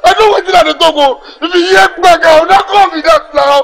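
An agitated young gang member with a Nigerian accent. He talks in Pidgin with an insistent, emotional edge, his voice high and gravelly. It is film dialogue. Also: fairly quick, a bit bright, full character voice, poor audio. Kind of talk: Nollywood film acting.

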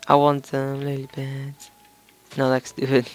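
A man's voice: medium pitch, fairly even intonation, measured pace, soft background music. A young man with a slight cough, casually chatting and swearing as he plays and talks to his viewers. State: slight cough, throat sore. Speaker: gaming channel host. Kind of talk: let's play game commentary.

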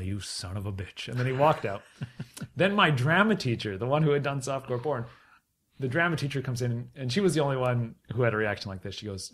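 Canadian guy in his 30s on a podcast, mid-pitched voice, laughing his way through a story. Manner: animated storyteller who acts out quoted voices and laughs often. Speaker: podcast guest. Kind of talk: casual anecdote telling.

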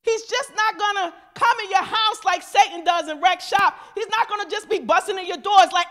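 Woman pastor, very high bright voice, chatty preaching with loud bursts. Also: moderate pace, hardly any pauses. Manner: conversational preaching, mimics voices, asks the congregation questions; swings between loud emphatic shouts and quiet asides. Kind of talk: lively casual sermon.

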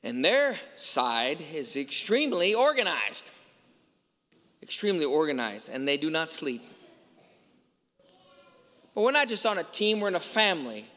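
A man's voice: a little high, very animated, a little slow, pauses often, sharp tone. A man preaching a sermon as a priest, telling a story and asking emphatic rhetorical questions. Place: large church. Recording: long church reverb.

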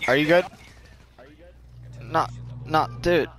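A man's voice: on the high side, slow, a bit bright, a little hiss or hum. A man chatting casually while playing an online game, teasing and laughing in disbelief. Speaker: gamer streamer. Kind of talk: casual gameplay chat.

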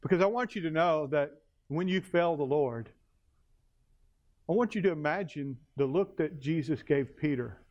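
Sex: man. Role: pastor. Style: sermon. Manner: dramatic, slows down for weight. Pitch: high for a man. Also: a little mellow, muffled recording. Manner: dramatic storytelling, slowing for emphasis.

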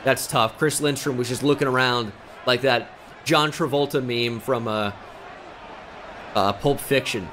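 A man giving casual, joking video game commentary, excitable and swearing freely. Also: mid-range voice, unhurried, long pauses, slight background noise. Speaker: gaming YouTuber.

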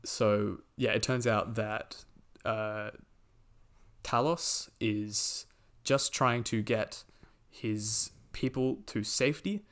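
A man's voice: lowish voice, fairly even intonation, takes it slowly, a bit bright. A man hosting a podcast, chatting casually about a movie and recapping the plot with lots of fillers and quoted lines. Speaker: podcast host.

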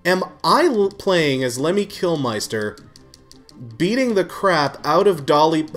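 A man giving live commentary while playing a video game, excitable and given to swearing. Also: on the high side, a little slow, soft background music. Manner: excitable, swears, frequent shouts and laughs. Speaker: gaming YouTuber. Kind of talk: live let's-play commentary.

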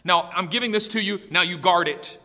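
A man's voice: high voice, a little fast, pushed and bright, long reverb tail. A male pastor preaching an emphatic, storytelling sermon with lots of repetition in a church.

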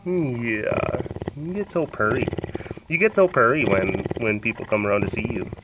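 A man's voice: mid-range voice, normal speed, noisy background. A man talking casually and playfully while filming, cooing baby talk at big cats and narrating outdoors. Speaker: vlogger at a big cat sanctuary. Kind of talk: casual chat to animals and camera. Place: outdoors at animal enclosures.

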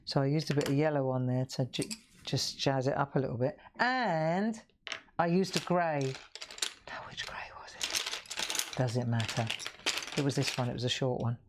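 A woman's voice: extremely low pitch, expressive, moderate pace, noisy background. A woman hosting a live coloring demonstration, chatting and asking viewers questions as she works. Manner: chatty, asks viewers questions, laughs often. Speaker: craft show host.

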